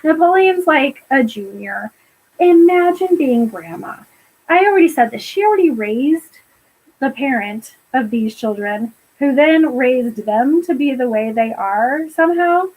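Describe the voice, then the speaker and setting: A woman's voice: sits high, expressive, unhurried, a little mellow, poor audio. A woman co-hosting a podcast, recapping a film in casual chat, laughing often and quoting characters in passing. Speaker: podcast co-host.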